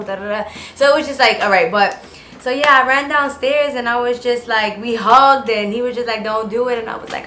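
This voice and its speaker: A woman's voice: medium pitch, pushed and bright. Young woman vlogger, casual rambling storyteller, echoey room. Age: young adult. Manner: talks in long run-on rambles with many "like"s. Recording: echoey room with faint noise.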